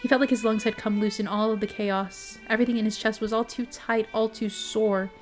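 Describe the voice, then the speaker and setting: A woman reads a bedtime story aloud at a steady, even pace. She is expressive but unhurried and corrects the odd stumble as she goes. Soft guitar music plays faintly underneath. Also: on the high side. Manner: steady, expressive reading with small slips. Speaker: streamer reading a story.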